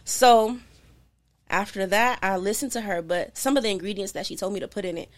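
A woman telling a story as a podcast guest, animated and calling her listeners y'all. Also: medium pitch, a little fast. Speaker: podcast guest, hair oil maker. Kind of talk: casual storytelling chat.

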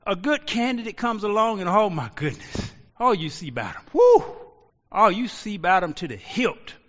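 A man preaching a sermon as pastor, rising to shouts and slowing into drawn-out pauses. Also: sits high, lively intonation. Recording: lo-fi audio with long reverb.

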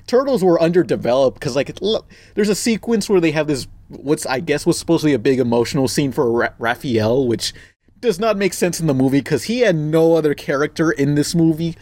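A man's voice: fairly high pitch, expressive, a little fast, a little mellow. Rambling young man reviewing a movie. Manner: rambling, laughing, crude. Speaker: podcast co-host. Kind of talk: casual movie review chat.

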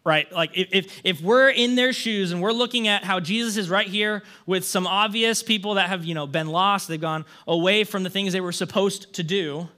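A young male pastor with a high, pushed, bright voice reads a scripture story aloud during his sermon. Then he turns to the congregation and talks in an earnest, conversational way, restarting his sentences and tossing in "right?" asides.

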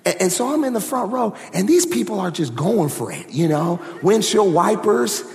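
Pastor with a high voice in a reverberant hall. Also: male voice, normal speed, vocal fry. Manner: conversational, animated testimony with asides to the crowd. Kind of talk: storytelling sermon. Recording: long reverb of a large hall.

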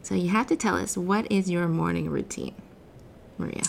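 A woman, a mother and former teacher, hosting a casual interview with lively talk, frequent laughs and restarts. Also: fairly low pitch, normal speed, vocal fry, a little hiss or hum. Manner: animated, laughs often, many restarts. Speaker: podcast host.

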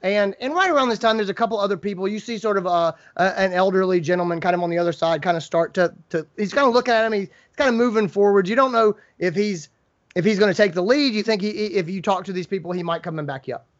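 A man with a Southern US accent, narrating a tabletop game as dungeon master in a halting, filler-heavy way. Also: sits high, highs cut off.

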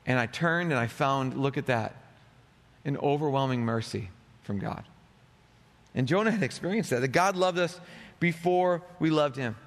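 A man's voice: high voice, a bit bright. A man preaching a sermon, dramatically acting out the voices he quotes. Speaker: pastor. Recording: long hall reverb.

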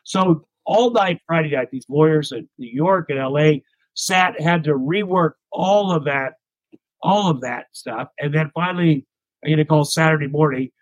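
A man's voice: on the high side, moderate pace, no room sound, muffled recording. A middle-aged man from the United States, a comedian telling candid stories as an interview guest, rambling and self-deprecating. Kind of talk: candid anecdotal storytelling.

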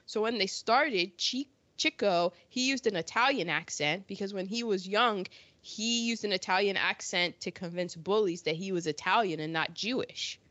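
A woman's voice: medium pitch, normal speed, a bit bright, no echo, dull audio. A woman co-hosting a podcast, chatting casually and laughing often as she trails into asides. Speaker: podcast co-host. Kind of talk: casual chat about old films.

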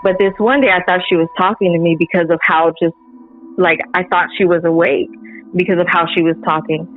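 A woman tells a personal story in a relaxed, chatty way. She is animated, laughs often, and acts out the lines she quotes. The sound is thin and tinny, like a phone line, with faint music underneath. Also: lowish voice, brisk. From Central Texas. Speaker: guest. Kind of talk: casual storytelling.

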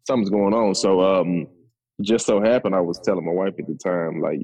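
A man's voice: low-pitched, fairly quick, warm tone, rough recording. A man, a podcast guest telling his story in a laid-back, conversational way. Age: 30s. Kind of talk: casual storytelling.

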